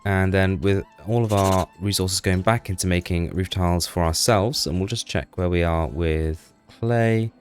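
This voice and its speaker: A man's voice: sits low, normal speed, few pauses, soft background music. A man giving casual, chatty gameplay commentary, talking to the little townsfolk on screen with a self-deprecating manner. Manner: chatty, self-deprecating, talks to game characters.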